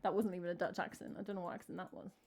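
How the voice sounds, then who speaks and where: A woman's voice: fairly low pitch, steady tone, racing, darkish tone. A young woman, chatting casually with her live stream's chat, giggly and trailing off as she talks. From England. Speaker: streamer and singer-songwriter.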